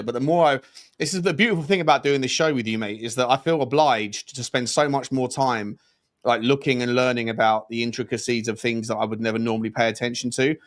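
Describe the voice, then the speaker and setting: A man co-hosting a casual live football chat stream, talking in a rambling, chatty way with plenty of fillers. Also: mid-range voice. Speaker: co-host.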